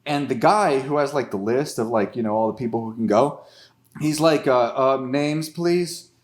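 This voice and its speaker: A man's voice: medium pitch, moderate pace. A young man hosting an improvised comedy podcast, narrating the story, laughing often and stumbling over restarts.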